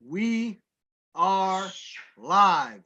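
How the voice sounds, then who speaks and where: A man's voice: sits high, expressive, very slow, sharp tone, dull audio. A man hosting a live sports talk show, bantering with his co-host in a playful, mock-formal way.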